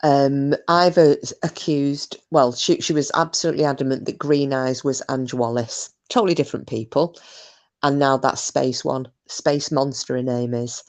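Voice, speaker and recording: Woman on a livestream, low voice, blunt and sweary, chatting and reading out comments. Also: steady tone, moderate pace, a little mellow. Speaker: livestream host. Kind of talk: casual chat reading out live comments.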